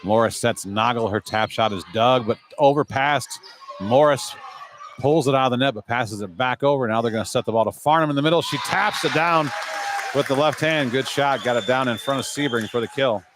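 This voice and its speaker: A man calls a school volleyball match live, with a voice of ordinary middle pitch. He talks briskly through each rally and drops in relaxed, chatty asides. Faint ambient noise hums behind him. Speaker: play-by-play announcer. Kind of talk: live sports commentary.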